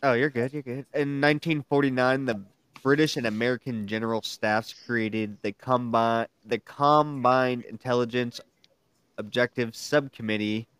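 A man co-hosting a podcast in casual chat, laying out facts in a relaxed way, then cracking crude jokes. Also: mid-range voice, normal speed, clean tone, dry recording. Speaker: podcast co-host.

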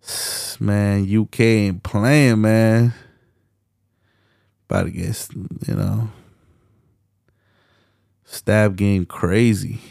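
A man's voice: fairly low pitch, fairly even intonation, extremely slow, creaky, pauses often, darkish tone, dry recording, studio quality. A young man hosting a solo podcast late at night, ranting bluntly with heavy profanity and slang. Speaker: podcast host.

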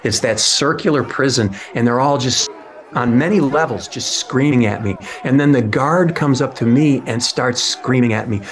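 A man's voice: medium pitch, moderate pace. A man telling a casual anecdote in a wry tone, laughing now and then. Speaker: actor telling a story.

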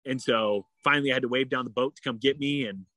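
Male guest, casual animated storyteller, mid pitch, dry close recording. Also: fast talker, no room sound. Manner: animated, heavy use of "like", acts out quoted dialogue.

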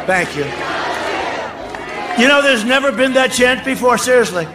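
An older man giving a boastful, rambling campaign rally speech outdoors, ad-libbing to the crowd and often shouting. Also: very high voice, expressive, moderate pace. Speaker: political speaker at a rally. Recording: speech over a faint crowd and noisy ambience.

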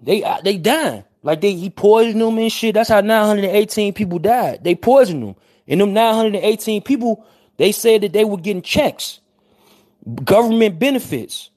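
High-voiced man firing rhetorical questions. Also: moderate pace. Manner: animated, slangy, fires rhetorical questions. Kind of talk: heated casual commentary.

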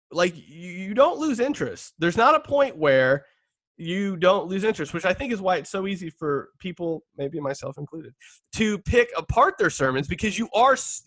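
Chatty guy cohosting, pitch bouncing all over, dry close sound. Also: no room sound. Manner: animated, chatty, laughs often, mimics voices. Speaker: podcast co-host. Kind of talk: casual conversation about preaching.

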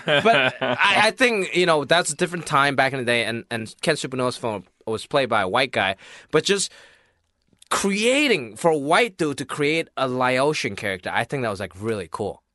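Man, podcast co-host, lively pitch, bright voice, earnest casual talk. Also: normal speed, no room sound, studio quality. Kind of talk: casual chat.

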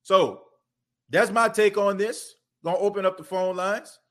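A man runs his own sports podcast in a relaxed, off-the-cuff monologue. His voice sits a little higher than most men's, and he rambles conversationally, circling back with filler phrases as he makes his points. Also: measured pace. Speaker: podcast host.

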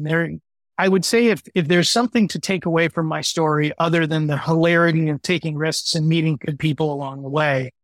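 A man in his forties tells his own story as a guest in an interview. He is animated and acts out the people he quotes. His voice sits fairly high, and the sound is close and dry. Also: no room sound. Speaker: guest entrepreneur.

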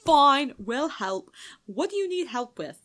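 A woman's voice: on the high side, sing-song, a little slow. A young woman co-hosting, reading a fan fiction aloud and laughing often, slipping into put-on accents for the characters. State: sleep-deprived. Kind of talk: giggly comedic reading.

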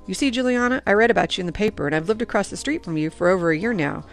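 A woman voicing a kindly older male grandfather in an audiobook, speaking gently and patiently. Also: mid-range voice, animated, racing, creaky, faint music behind. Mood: gentle. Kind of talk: audiobook character reading.

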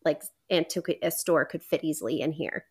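A woman's voice: low-pitched, fairly quick, darkish tone, slightly rough. A young woman hosting a podcast, rambling enthusiastically through a casual book recap full of fillers. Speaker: podcast host.

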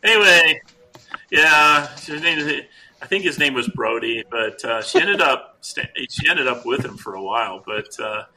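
Middle-aged male podcast co-host, rambling and jokey, bright and gravelly. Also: mid-range voice, lively intonation, unhurried, slight background noise, rough recording. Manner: rambling, self-interrupting, jokey. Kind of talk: casual storytelling chat.

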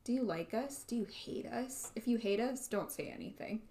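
A woman's voice: a little high, moderate pace, dark tone. A young woman co-hosting a podcast in casual chat, rambling and self-deprecating. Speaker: podcast co-host.

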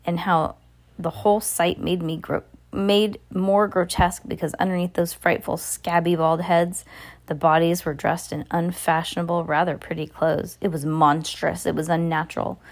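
A woman with a low voice reads a novel aloud at home-reader level, not as a polished narrator. She trips over words and starts phrases again as she goes. Now and then she breaks off to speak to someone beside her. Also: level tone, moderate pace. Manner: casual amateur reading with stumbles and restarts; asides to a listener beside her.

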